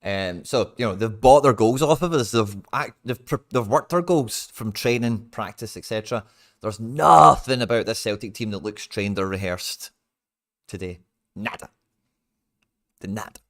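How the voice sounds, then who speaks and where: Young scottish guy ranting at the footy on a desk mic, lowish voice, swears a lot. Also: normal speed. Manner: exasperated, swears freely, rants with sudden loud outbursts. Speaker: football watch-along host. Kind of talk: live match watch-along chat.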